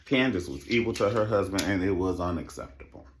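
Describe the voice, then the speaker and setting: A man giving a sassy, profane recap rant about a reality show, with a lively, animated delivery. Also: fairly quick, background noise. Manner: animated, sassy, swings into mocking high impressions. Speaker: reality TV commentator.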